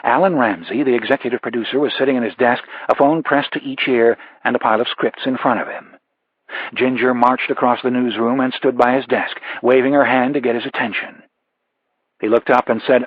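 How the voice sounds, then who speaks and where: A man narrating a thriller audiobook in a measured, even way. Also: mid-range voice, breathy edge, no echo. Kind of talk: scripted narration. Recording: dull lo-fi audiobook recording.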